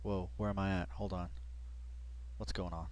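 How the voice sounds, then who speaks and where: A man's voice: low-pitched, level tone, normal speed, a little mellow. A man giving casual reaction commentary, rambling with lots of fillers and bursts of laughter. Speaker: reaction video host.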